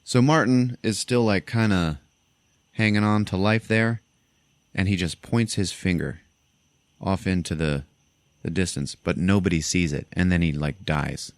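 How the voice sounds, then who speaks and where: A man with a deep, low voice hosts a casual podcast and retells a film's plot with relish. He swears freely and jumps into the characters' lines as he goes. The sound is dry and close, with no room behind it. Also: unhurried, dry recording. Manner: animated, profane retelling, acting out lines. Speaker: podcast host. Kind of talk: casual movie recap.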